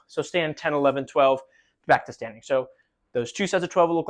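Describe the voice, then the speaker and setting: A man's voice: on the high side, fairly quick. Man counting out choreography, a bit winded. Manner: loose, filler-heavy explaining with rhythmic counting. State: slightly out of breath from demonstrating. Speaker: choreographer teaching marching band movement. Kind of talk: casual instructional demonstration, counting aloud.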